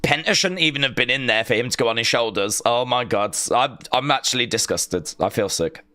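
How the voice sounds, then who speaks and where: Animated man reacting live. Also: medium pitch, fairly quick. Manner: excitable, chatty, mock-outraged. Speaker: wrestling watch-along streamer.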